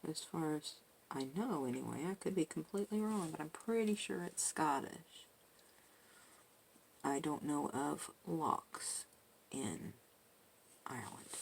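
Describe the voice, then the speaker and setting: A woman quietly talking herself through a craft project, muttering and joking at herself as she works. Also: sits low, expressive, unhurried, gravelly, long pauses, a little hiss or hum. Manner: soft-spoken, muttering to herself, self-deprecating. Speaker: crafting video host. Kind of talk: casual narration while crafting.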